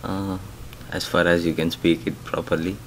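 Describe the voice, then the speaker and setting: A man's voice: low voice, little pitch movement, normal speed, a little hiss or hum. A male interviewee giving brief, plain answers.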